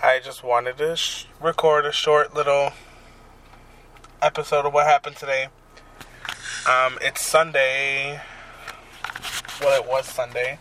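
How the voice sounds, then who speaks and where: Slow-talking young man, bright voice. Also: medium pitch, level tone, slight background noise. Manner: crude, rambling, profane storytelling. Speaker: podcast host. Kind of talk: casual solo podcast chat. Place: parked car.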